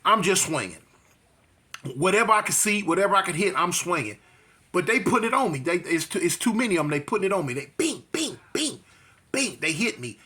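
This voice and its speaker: A man telling a street fight story in slangy, animated talk, acting out voices and punch sounds. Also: high voice, quick pace.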